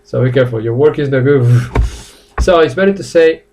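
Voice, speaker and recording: A man teaching a live online English class, laughing often and repeating phrases slowly for his students; he says he is a little tired. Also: mid-range voice, darkish tone, slight background noise.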